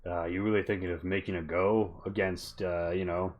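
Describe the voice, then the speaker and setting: Man doing a sly mercenary boss for a tabletop game, low-voiced and hesitant. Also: level tone, normal speed, dull audio, lightly acted. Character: smooth-talking male mercenary boss, scheming.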